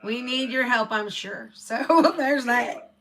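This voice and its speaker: A middle-aged woman, chatting casually and laughing often, dropping soft when she reflects. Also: on the high side, takes it slowly. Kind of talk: casual chat.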